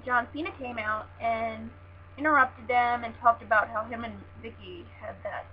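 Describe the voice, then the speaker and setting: A young woman with a fairly high voice chats through her recap in a gushing rush, full of "like" and "oh my God". The recording is dull and lo-fi, with a faint hum underneath. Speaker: wrestling fan vlogger. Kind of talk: casual show recap.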